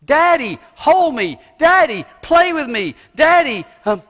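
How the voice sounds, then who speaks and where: A man's voice: very high-pitched, sing-song, takes it slowly, fairly bright tone, pitched above the performer's own voice, full character voice. A man voicing a small child who eagerly pleads with his daddy, repeating the word over and over. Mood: pleading. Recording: long reverb of a church hall.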